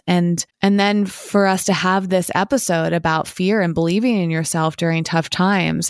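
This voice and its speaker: A woman co-hosting a podcast, speaking in a steady, explanatory way. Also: fairly low pitch, dry recording, studio quality. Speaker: podcast co-host. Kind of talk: casual podcast conversation.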